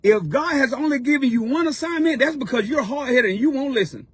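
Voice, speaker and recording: Dude preaching hard, real high voice, dry close sound, keeps repeating himself, fired up. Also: male voice, animated, fairly quick, breathy edge, no room sound. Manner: fervent, repetitive, colloquial exhortation. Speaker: mentor and motivational speaker. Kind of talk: preaching-style motivational talk.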